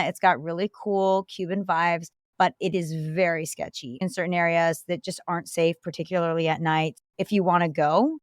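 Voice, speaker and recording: A woman with a fairly low voice speaks earnestly, giving practical safety advice. She tells stories with animation. The sound is dry and close. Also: no echo. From Florida-based. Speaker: guest giving travel safety tips. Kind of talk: conversational advice.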